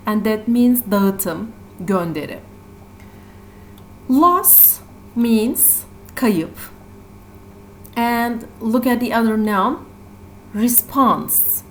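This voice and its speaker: Turkish-accented lady teacher, slow careful voice a bit high, says each word twice, faint hiss behind. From Turkey. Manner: slow and repetitive, stressing syllables. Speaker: English teacher. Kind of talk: classroom vocabulary lesson.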